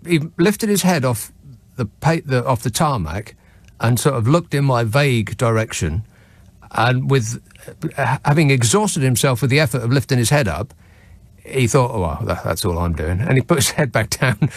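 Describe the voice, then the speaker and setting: A man's voice: medium pitch, no echo. A man hosting a late-night radio phone-in, telling a story in a wry, sardonic, self-mocking way. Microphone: studio microphone.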